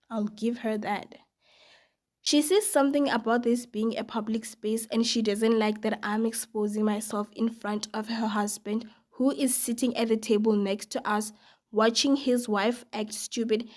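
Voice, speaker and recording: A woman's voice: on the high side, a little mellow. Woman reading stories, sarcastic. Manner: casual, sarcastic asides. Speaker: storytime narrator. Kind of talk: reading online stories aloud.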